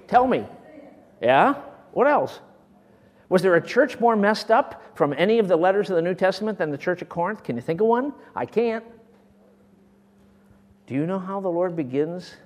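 A man preaching a sermon with great passion, swinging from loud bursts down to near whispers. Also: fairly high pitch, in a large hall.

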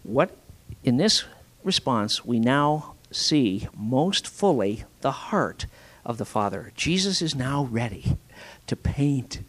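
A man preaching a sermon in a dramatic way, swinging from forceful emphasis to hushed whispers, with repeated rhetorical questions to his listeners. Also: medium pitch, big pitch swings, takes it slowly. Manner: repetitive, rhetorical questions to the congregation.

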